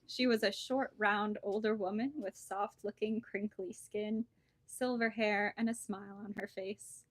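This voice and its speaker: A woman bookseller reading a children's storybook aloud with lively, expressive storytelling. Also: mid-range voice, unhurried, no room sound.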